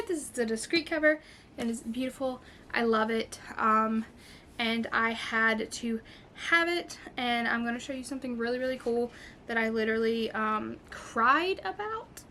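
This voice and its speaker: A woman in a casual book vlog, talking in a gushing, excitable way with plenty of fillers. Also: on the high side, a little hiss or hum. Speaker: book vlogger. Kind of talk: casual chat.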